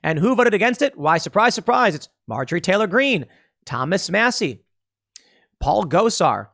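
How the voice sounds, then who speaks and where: A man talks through political news in a casual, sarcastic way, reading names and numbers off a list. His voice sits a little high for a man. The sound is dry and close, with no room echo. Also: very animated, normal speed, gravelly, fairly bright tone. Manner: sarcastic, conversational, reads out vote lists. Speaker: political commentary host. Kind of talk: solo political commentary.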